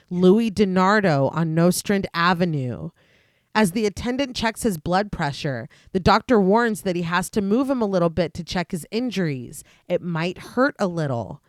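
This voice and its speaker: A woman podcast host reading a steady, scripted recap of a film's plot, with dry asides. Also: medium pitch, no room sound.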